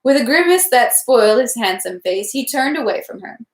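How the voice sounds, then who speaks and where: A woman's voice: a little high, very animated, moderate pace. A woman reading a classic novel aloud, carefully, stumbling now and then over French words. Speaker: reader. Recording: echoey room.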